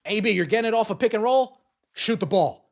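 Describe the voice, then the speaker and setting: Man, podcast host, higher voice, angry repetitive rant, cursing. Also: animated, fairly quick. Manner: angry, ranting, repeats himself, swears. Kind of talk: heated sports rant.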